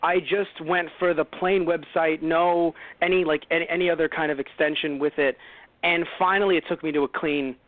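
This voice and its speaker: A man's voice: on the high side, steady tone, moderate pace, dry recording. A man hosting a casual movie review show, rambling and correcting himself with wry asides. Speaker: podcast host. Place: home. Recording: tinny phone-line call-in audio.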